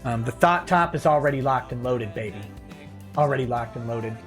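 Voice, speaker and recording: A man's voice: medium pitch, moderate pace, faint music behind. Joking man hosting a late-night stream. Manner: casual, joking, wry. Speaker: lawyer hosting a livestream. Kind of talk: late-night livestream chat, reading viewer comments.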